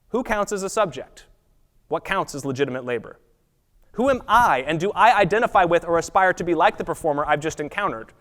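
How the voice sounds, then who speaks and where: A man giving an academic lecture at a college, reading prepared text in a measured way and sometimes correcting himself. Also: fairly high pitch, fairly bright tone. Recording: long reverb of a lecture hall.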